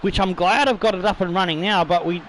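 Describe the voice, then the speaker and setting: A slightly tipsy man chatting his way through a football game session, his words a little slurred. His voice sits high for a man. He rambles and swears casually, with a faint hiss underneath. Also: fast talker, a bit bright, rough recording. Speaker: gaming YouTuber host. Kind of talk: casual let's-play commentary.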